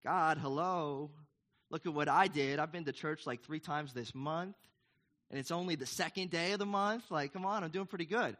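A man's voice: fairly high pitch, normal speed, a bit bright, lightly acted. A man acting out a boastful, self-righteous churchgoer who brags to God in a whiny, showy way. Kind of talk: mocking impression within a sermon.

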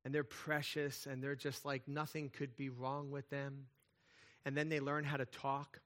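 A man preaching a sermon as pastor, conversational and animated, with playful asides and frequent check-ins with the congregation. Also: medium pitch, a little slow.

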